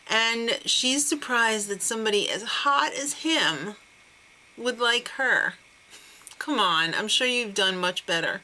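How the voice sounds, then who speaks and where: A woman's voice: medium pitch, expressive, a little slow, bright, forceful tone. A woman hosting a casual TV recap, sarcastic and laughing often. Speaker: TV recap host.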